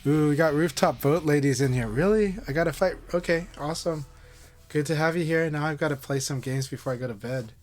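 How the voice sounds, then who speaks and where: A man's voice: on the high side, brisk, a little mellow, soft background music. A man live-streaming a fighting game, chatting casually and encouragingly with viewers.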